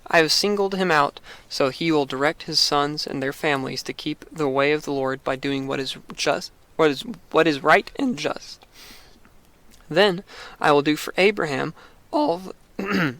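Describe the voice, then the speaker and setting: A man reading as the Lord, solemn and measured. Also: on the high side, fairly bright tone, dry recording. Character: the Lord, solemn divine male voice.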